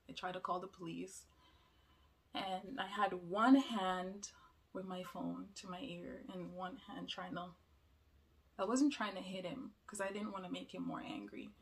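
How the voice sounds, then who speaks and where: A young woman telling a personal story in an emotional, halting way. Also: mid-range voice. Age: young adult.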